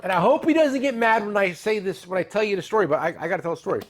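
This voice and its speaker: A middle-aged man hosting a tool show, chatting casually and joking as he pitches products and tells stories. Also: expressive, very fast, a little hiss or hum. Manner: joking, rambling, salesy with asides. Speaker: tool dealer and show host. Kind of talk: casual product talk and storytelling.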